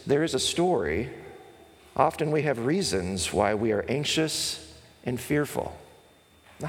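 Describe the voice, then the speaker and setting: A pastor preaching a sermon, earnest and explanatory, sometimes acting out a comic skit with a raised voice. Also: male voice, a little high. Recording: long hall reverb.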